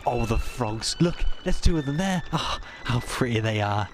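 A man's voice: medium pitch, lively intonation, moderate pace, noisy background, natural voice. A man voicing a pious, naive, prim young man who gushes with devotion and panics easily, from an audio drama clip. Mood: charmed. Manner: prim and effusive, rising to panicked squeals. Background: music.

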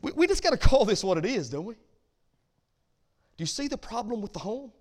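A man's voice: high voice, very animated, brisk, a little mellow. A middle-aged man, preaching a sermon as pastor in a folksy way that builds to emphatic points.

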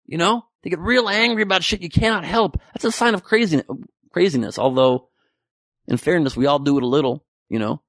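Male comedian, sarcastic and profane, gravelly edge, dry close sound. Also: on the high side, fairly quick, a bit bright, no room sound. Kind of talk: topical comedy monologue.

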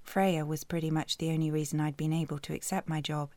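A woman's voice: low-pitched, little pitch movement, a little fast, darkish tone, dry recording. A British woman narrating a first-person romance audiobook in a dry, sardonic way, close to the mic.

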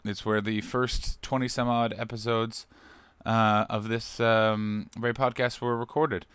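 A man hosting his own comedy podcast, rambling and joking, with loud bursts of excitement. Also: fairly low pitch, measured pace, clean tone, no echo. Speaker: podcast host. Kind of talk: solo comedic podcast monologue.

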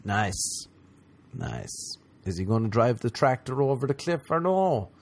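A man's voice: sing-song, brisk, darkish tone, a little hiss or hum. Profane sarcastic man ranting comedically. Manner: sarcastic, profane, mocking with high put-on voices. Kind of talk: comedic monologue rant.

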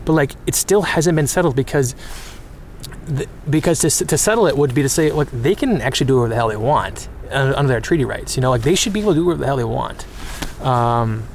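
A man's voice: medium pitch, lively intonation, quick pace, slight background noise. A man being interviewed, talking earnestly with lots of fillers and restarts. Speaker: interview guest. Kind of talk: recorded interview.

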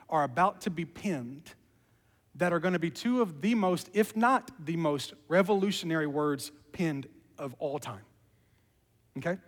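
A man preaching a sermon, telling the story in an animated way and dropping to a hush for emphasis. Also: a little high, in a large hall. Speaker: pastor.

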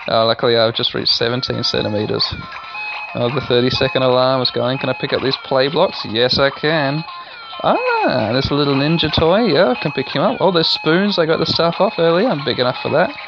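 A man hosting a let's play, rambling excitably through casual game commentary and swearing now and then. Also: mid-range voice, fairly quick, creaky. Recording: dull lo-fi recording with game music.

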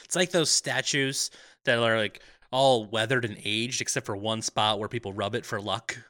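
A man co-hosting a comedy film podcast, playful and quick with jokes in casual chat. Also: fairly low pitch, pushed and bright, no echo, studio quality. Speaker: podcast co-host.

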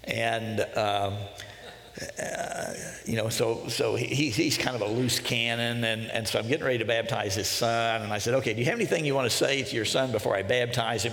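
Gravelly-voiced man preaching in a hall. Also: medium pitch, normal speed, fairly bright tone. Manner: storytelling, self-deprecating humor. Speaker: pastor. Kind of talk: sermon. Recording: long hall reverb.

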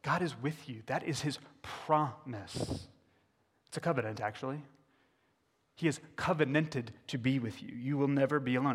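A man's voice: medium pitch, normal speed, breathy edge. A man preaching a candid sermon as a pastor, putting questions to the congregation. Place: church sanctuary. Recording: echoey church hall.

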